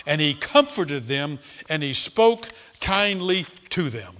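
A man's voice: on the high side, sing-song, slow, hardly any pauses, a bit bright. A man preaching a sermon, reading and explaining a passage, often repeating words as he starts a thought. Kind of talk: expository sermon.

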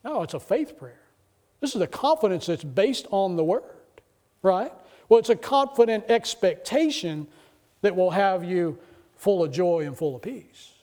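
A middle-aged male pastor delivers a sermon in a notably high voice. He tells stories casually, then builds into excited, emphatic preaching. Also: a little slow. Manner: conversational testimony rising to excited preaching.

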